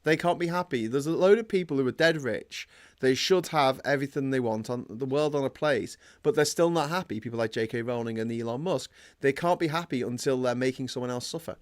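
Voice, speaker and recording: A man's voice: medium pitch, a little fast, no room sound, studio quality. A man hosting a casual talk show, blunt and sweary, reading out viewer comments and ranting. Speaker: podcast host. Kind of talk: casual chat.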